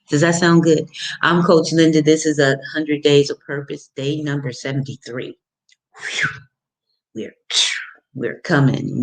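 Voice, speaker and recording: A woman life coach giving an emphatic, preachy motivational talk, repeating phrases and dropping folksy pet names. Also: rumbling low. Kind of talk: motivational video monologue.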